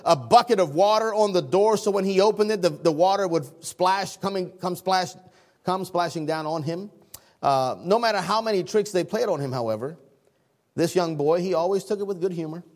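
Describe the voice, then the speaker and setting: A man preaching a sermon, lively and conversational, laughing often and acting out people's reactions. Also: high voice, normal speed. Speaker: pastor.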